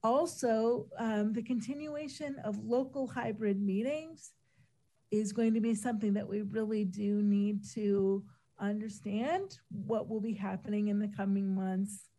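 A woman giving a measured, methodical presentation to a council as a city disability office official, with frequent ums and uhs, while she is losing her voice. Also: medium pitch, steady tone, mellow, poor audio.

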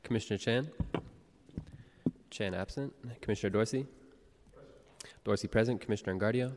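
A man with a very low, mellow voice reads roll calls and public-comment instructions as a board clerk. His delivery is steady and formal, and the long reverb of a large chamber hangs behind each phrase. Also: brisk. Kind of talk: reading roll calls and procedural announcements. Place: legislative chamber in a city hall.

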